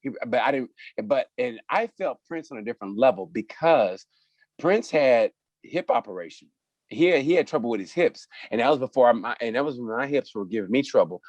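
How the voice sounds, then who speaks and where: A man's voice: medium pitch, animated, a little fast, darkish tone, no room sound, muffled recording. Man from oklahoma, podcast co-host, casual profane storytelling, dry close sound. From Oklahoma, USA. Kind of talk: casual chat.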